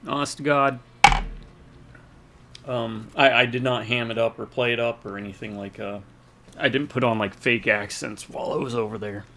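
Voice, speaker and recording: A man's voice: mid-range voice, fairly even intonation, normal speed, sharp tone, slight background noise. A man from the American South rambling casually while commenting on his gameplay. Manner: rambling, chatty, self-deprecating. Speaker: let's play gamer.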